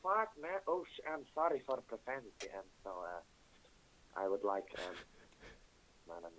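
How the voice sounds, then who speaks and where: Pria, bahasa ibu Rusia, penelepon, bahasa Inggris patah-patah, bersemangat, suka mengumpat. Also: male voice, low-pitched, normal speed, a little hiss or hum, poor audio. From Russia. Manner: broken English, excitable, swears, acts out shouting voices. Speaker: caller. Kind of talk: storytelling on a call-in show.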